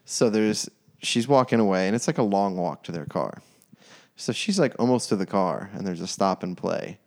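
A man, a podcast guest, telling stories in an animated, casual way with many restarts. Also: low-pitched, moderate pace. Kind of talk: casual chat.

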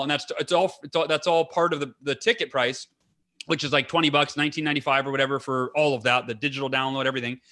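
This male podcast guest speaks in a fairly high, bright voice, sounding eager and sincere. His casual, unscripted talk is cluttered with fillers and false starts as he hurries through each point.

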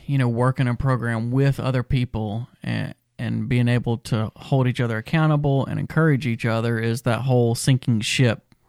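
A man with a smooth, resonant voice speaks earnestly and reflectively about recovery and stumbles over restarts now and then. He sounds close and dry, with no room echo. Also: mid-range voice, fairly even intonation, moderate pace, darkish tone. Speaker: podcast co-host in recovery. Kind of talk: casual conversation.

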